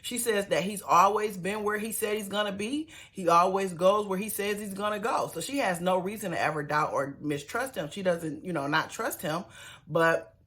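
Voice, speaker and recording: A woman's voice: medium pitch, normal speed, a bit bright. A woman giving a sassy, chatty recap of a reality show, with slangy asides to her viewers. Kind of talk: casual TV episode recap.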